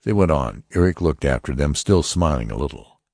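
A man narrating a science fiction audiobook in a steady, measured reading. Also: very deep voice, vocal fry, dry recording, studio quality.

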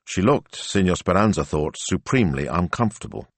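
Deep-voiced man narrating an audiobook. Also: lively intonation, a little fast, dry recording.

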